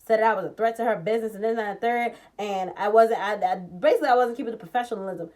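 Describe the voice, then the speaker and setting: This is a young woman's casual vlog story, told with anger, profanity, and animated acted-out dialogue. Her pitch is mid-range and her pace is quick.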